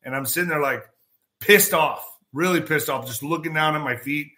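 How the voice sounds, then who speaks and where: A man hosting a podcast, telling a casual story in an animated way, acting out the quotes and swearing freely. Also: on the high side, moderate pace. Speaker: podcast host.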